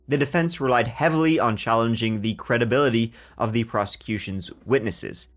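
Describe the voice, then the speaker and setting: A man hosting a true crime podcast, telling the story in a lively way with jokes along the way. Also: mid-range voice, a little fast. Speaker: podcast host.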